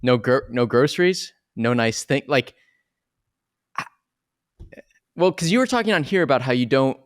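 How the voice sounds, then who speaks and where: A man's voice: medium pitch, expressive, moderate pace. A young man co-hosting a podcast in casual chat, chatty and self-mocking with lots of fillers. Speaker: podcast co-host.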